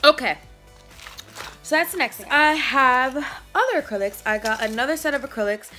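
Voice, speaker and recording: A woman's voice: high voice, moderate pace, bright, forceful tone, faint music behind. A young woman vlogging a shopping haul in a casual, slangy, playful way, a bit out of breath. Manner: chatty, slangy, playful, rambling.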